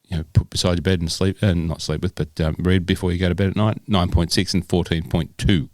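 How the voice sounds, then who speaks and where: A man's voice: sits low, steady tone, fast talker, a little mellow, no room sound. A middle-aged Australian man co-hosting a podcast, chatting casually and rambling with many fillers. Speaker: podcast co-host. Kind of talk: casual chat.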